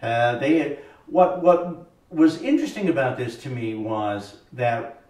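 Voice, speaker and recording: A middle-aged man co-hosting a casual album review chat, rambling and hesitant with many pauses. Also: mid-range voice, a little mellow. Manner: rambling, hesitant, full of uh and restarts. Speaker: podcast co-host. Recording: echoey room, mic at a distance.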